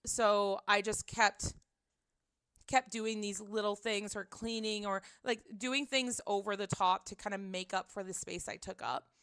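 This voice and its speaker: A woman chatting on a home livestream, rambling and giggly, with many filler words and sudden excited reactions to her chat. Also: mid-range voice, a little slow, no room sound, clean studio sound. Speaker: streamer.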